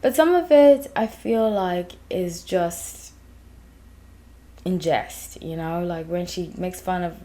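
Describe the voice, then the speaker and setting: A woman's voice: mid-range voice, a little mellow. A woman in her thirties from England and South Africa, hosting her channel and telling a long, digressive story in casual chat. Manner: chatty, digressive, many fillers. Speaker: tarot reader, channel host.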